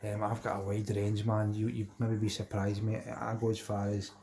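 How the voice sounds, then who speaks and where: A man's voice: fairly low pitch, monotone, moderate pace, mellow. A Scottish man from Glasgow hosting a casual fishing livestream, chatting with viewers by name and calling them "mate" all the time. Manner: chatty, says "mate" constantly, reads out viewer names. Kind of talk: casual live chat with viewers.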